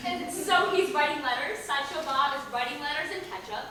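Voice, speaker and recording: A woman's voice: high-pitched, brisk, a crowd in the background. A woman chatting casually, eagerly prompting the others along. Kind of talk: casual chat. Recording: echoey room from far off.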